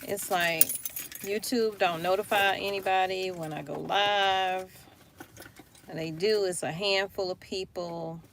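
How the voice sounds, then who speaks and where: A woman's voice: medium pitch, steady tone, measured pace, fairly bright tone. Tired, chatty woman live-streaming. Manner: chatty, tired and frustrated, talks to viewers. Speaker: vlogger. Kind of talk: casual live-stream chat. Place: in a car, then a store. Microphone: phone held up. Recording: phone recording with clear background noise.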